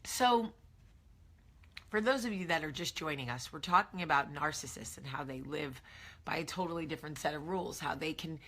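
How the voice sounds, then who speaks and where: A woman's voice: sits low, a little fast, a bit bright, husky. A woman in her thirties hosting a casual morning chat to camera, chatty and emphatic with many fillers and asides. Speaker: host.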